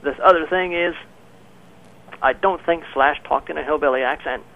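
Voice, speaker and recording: A man's voice: a little high, moderate pace. Male caller, dry and profane, heard over a tinny phone line. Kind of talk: casual radio call-in.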